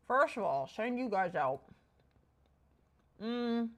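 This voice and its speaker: Streamer woman, chatty and excitable, lively up-and-down voice, casual game chat. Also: fairly low pitch, slow pace, pauses often. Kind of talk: casual livestream chat while playing.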